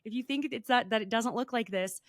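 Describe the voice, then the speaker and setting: A woman's voice: fairly high pitch, brisk, no echo, studio quality. A woman co-hosting a podcast, chatting casually and laughing often as she dishes gossip. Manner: chatty, animated, laughs often, says y'all. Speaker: podcast co-host.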